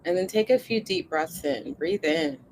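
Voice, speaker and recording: A woman coaching a live online group, speaking in a gentle, encouraging way as she leads a relaxing body scan meditation. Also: low voice, lively intonation, a little hiss or hum, rough recording. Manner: gentle, encouraging, slow guiding cadence with soft laughs. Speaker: coach hosting a co-planning session. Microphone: live online session.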